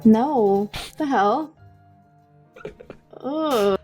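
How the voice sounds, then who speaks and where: A woman player in casual chat, blunt and quick to react. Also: fairly high pitch, a little mellow, husky, soft background music.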